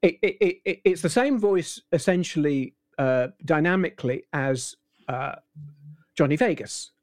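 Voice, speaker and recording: A man in his sixties, an impressionist, telling anecdotes in a relaxed, rambling interview with many restarts. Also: on the high side, a little slow, no echo, studio quality. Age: 60s. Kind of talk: casual interview chat.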